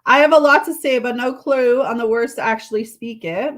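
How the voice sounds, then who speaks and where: A woman's voice: a little high, brisk. A woman doing a live tarot reading, chatting casually with viewers and reading card messages aloud. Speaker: tarot reader.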